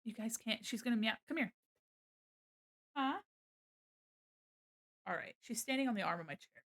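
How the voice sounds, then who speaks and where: A woman's voice: on the high side, animated, moderate pace. A woman streaming her art, chatting casually and slipping into baby talk with her cat, on a desk mic at home. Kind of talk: casual live-stream chat. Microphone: desk mic on an arm.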